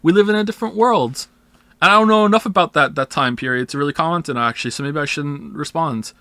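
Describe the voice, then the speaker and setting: A man's voice: on the high side, fast, fairly bright tone, no echo. A man streaming casually, rambling and swearing as he answers chat, sometimes acting out imagined voices. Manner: rambling, profane, emphatic; acts out imagined voices in quotes. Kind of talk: casual chat responding to viewers.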